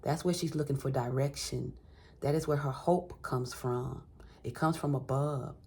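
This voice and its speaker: Very deep husky woman reading tarot. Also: fairly even intonation, a little slow, mellow. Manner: encouraging, repeats phrases for emphasis, calls listener baby and honey. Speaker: tarot reader.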